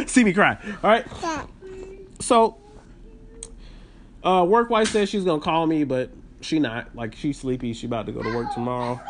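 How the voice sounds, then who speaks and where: A man's voice: on the high side, moderate pace, pauses often, slight background noise. A man hosting a podcast, telling a story as a casual, rambling rant full of fillers and restarts. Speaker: podcast host.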